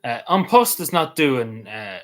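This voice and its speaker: An Irish man hosting a casual livestream, rambling with many ums and quick apologies. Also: mid-range voice, big pitch swings, poor audio. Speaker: livestream host.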